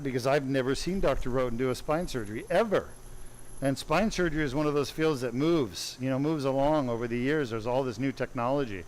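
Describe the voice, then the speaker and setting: A man's voice: mid-range voice, poor audio. A man, a neurosurgeon, telling a long anecdote on a livestream in a conversational, digressive way. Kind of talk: storytelling on a livestream.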